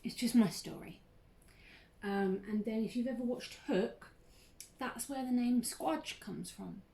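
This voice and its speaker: A woman's voice: on the high side, unhurried, creaky, warm tone. A chatty, bubbly young woman who laughs a lot and says "um" often, hosting a casual crafting tutorial vlog. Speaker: craft channel host.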